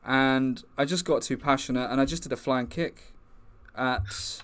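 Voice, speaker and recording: Deadpan rambling man hosting comedy. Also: medium pitch, unhurried, smooth. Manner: mock-earnest, rambling deadpan bits. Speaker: comedy livestream host. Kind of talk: improvised comedy chat.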